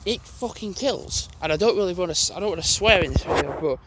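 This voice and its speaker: A man's voice: high-pitched, animated, fast talker, crowd noise. A young man, casually telling a story to camera, rambling, restarting and swearing as he goes. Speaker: gaming channel host.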